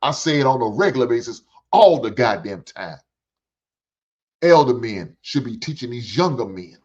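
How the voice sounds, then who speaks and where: A man's voice: mid-range voice, sing-song, normal speed, a little mellow. An older man hosts a reaction show, ranting bluntly with lots of profanity and preaching in repeated phrases. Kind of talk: ranting commentary. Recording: dull lo-fi recording.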